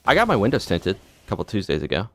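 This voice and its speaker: A man's voice: fairly low pitch, huge pitch swings, quick pace. A young man streaming a video game live, chatting and joking with his viewers in a rambling way. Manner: joking, rambling, breaks into silly voices. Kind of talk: live gameplay chat.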